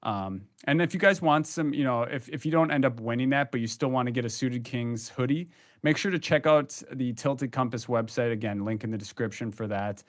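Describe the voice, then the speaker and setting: A man's voice: mid-range voice, a little fast, hardly any pauses. A young man chatting as a podcast co-host, with a mid-range voice. He talks loosely, full of fillers and restarts. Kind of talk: casual podcast chat.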